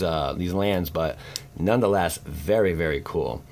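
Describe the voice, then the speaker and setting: A man chatting casually while opening card packs, excitable and goofy, with rambling asides and hushed whispers when he gets tense. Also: sits low, unhurried. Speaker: card pack opening host.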